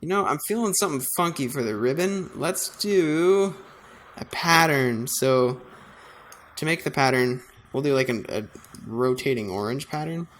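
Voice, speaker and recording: A man's voice: mid-range voice, moderate pace, a bit bright. A man designing on a computer, thinking aloud in a casual, self-deprecating way. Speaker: designer narrating his work. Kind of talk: casual screen-recording commentary.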